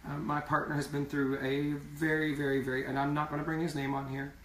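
A man's voice: fairly high pitch, level tone, a little fast, fairly bright tone, a little hiss or hum. A man singer in a casual live video chat, speaking earnestly and repeating words for emphasis. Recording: roomy sound from far off.

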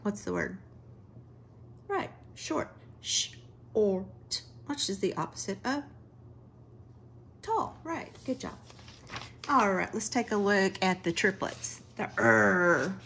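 A woman's voice: medium pitch, creaky, a bit bright, a little hiss or hum. A woman teaching a phonics lesson to children, sounding out words one sound at a time. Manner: slow, sound-by-sound phonics drilling.

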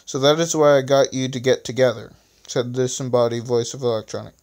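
A man's voice: medium pitch, steady tone, fairly quick, a little mellow, clear, resonant tone. A man reading his own story aloud, stumbling and restarting often and adding self-mocking asides. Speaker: reader of his own stories. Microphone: phone screen recorder.

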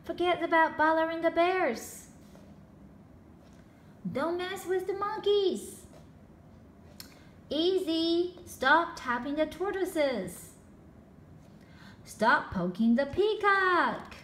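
A woman's voice: very high-pitched, expressive, extremely slow, long pauses, fairly bright tone, a little hiss or hum, voice pushed up, full character voice. A woman voicing a strict female schoolteacher giving firm warnings in a storybook reading. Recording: roomy echo.

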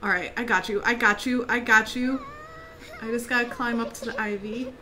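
A woman streamer giving live let's-play commentary, excitable and reactive, laughing, yelping, swearing freely and talking to the game characters. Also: fairly high pitch, normal speed, background noise. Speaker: gaming streamer.

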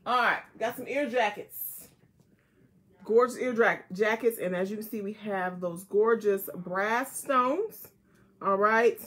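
A woman's voice: medium pitch, takes it slowly, a bit bright. A woman hosting a casual live jewelry sale, chatting with viewers and repeating item codes. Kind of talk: casual live selling chat.

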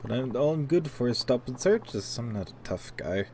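A frightened young cop who hates himself for his cowardice, whining in halting bursts, as a man puts him on while playing a game. The voice sits at an ordinary male pitch, and a faint hiss runs under the recording. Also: lively intonation, darkish tone, lightly acted. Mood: fearful. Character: timid, guilt-ridden young male police officer.

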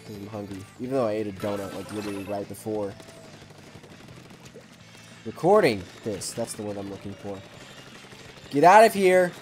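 A man hosting a gaming channel, giving hyper, excitable let's play commentary and yelling at opponents. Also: lowish voice, normal speed, long pauses, music in the background.

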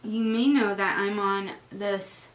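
A woman's voice: medium pitch, fairly even intonation, slow. A woman beauty vlogger chatting and gushing as she does her makeup in a get-ready-with-me video. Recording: echoey room with faint noise.

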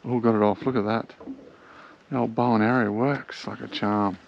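Gravelly Australian man fishing a creek. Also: on the low side, normal speed, lo-fi sound, a little hiss or hum. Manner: excitable, chatty, talks to the fish. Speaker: angler filming his own fishing trip. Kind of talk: casual fishing vlog commentary. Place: on a small boat on a creek outdoors.

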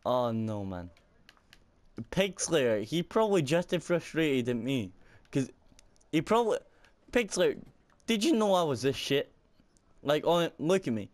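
A young man, a gaming YouTuber, records let's-play commentary on a mic at his computer in his room at home, window open, getting frustrated, swearing and laughing at himself. His voice is fairly high with big pitch swings, and he talks at a measured pace with long pauses. There's no echo.

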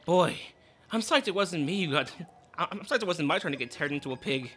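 A woman hosting a casual let's play, chatty and expressive as she reacts to the game. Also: lowish voice, moderate pace, long pauses, slightly rough. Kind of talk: casual gameplay commentary.

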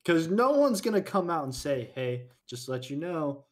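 A man's voice: on the high side, very animated, normal speed. A young man joking animatedly with friends on a podcast, acting out mock quotes. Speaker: podcast co-host. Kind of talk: casual chat.

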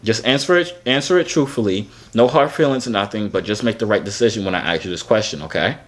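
A man's voice: on the low side, fast talker. A man in his twenties chatting casually on a video chat app, playful, teasing and boastful. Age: 20s. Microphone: phone on a video chat app.

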